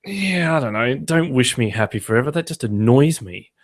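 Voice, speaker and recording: A man's voice: medium pitch, animated, moderate pace. A man hosting a podcast, telling rambling, jokey stories in casual chat. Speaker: podcast host.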